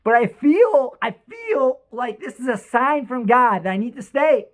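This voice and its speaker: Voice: medium pitch, lively intonation, unhurried, pitched above the performer's own voice, natural voice. A storyteller voicing a young man who pleads emotionally in a told story. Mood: pleading. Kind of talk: storytelling, quoted dialogue.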